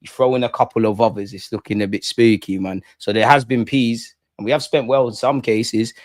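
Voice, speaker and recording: Speaking briskly at a medium pitch, a young male fan channel host runs a casual live stream. The studio-quality audio has no echo. He reads chat comments, rants and jokes in between, animatedly swinging from one mode to the other.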